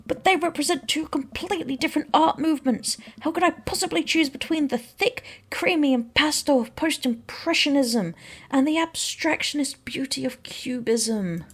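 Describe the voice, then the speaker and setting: A woman's voice: mid-range voice, lively intonation, normal speed, gravelly, breathy edge. A woman voicing a pompous middle-aged male art teacher who lectures in long, wordy sentences, from a game. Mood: exasperated.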